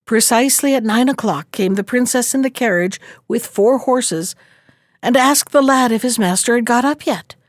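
A woman narrating a folk tale in a measured, even storytelling manner. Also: on the high side, no room sound, clean studio sound.

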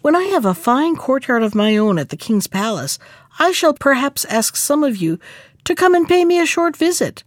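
A swaggering, rude little male chick, full of himself and scornful of anyone who asks for help, as a woman storyteller puts him on. The voice jumps high and bouncy, with a dry, close sound. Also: very animated, moderate pace, no room sound. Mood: boastful. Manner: cocky, scornful. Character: boastful rude one-legged young male chick.

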